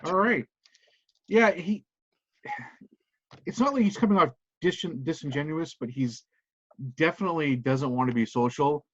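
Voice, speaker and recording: A man's voice: on the high side, normal speed, pauses often, no echo, lo-fi sound. A man running a tabletop game as game master, narrating scenes loosely in an online session.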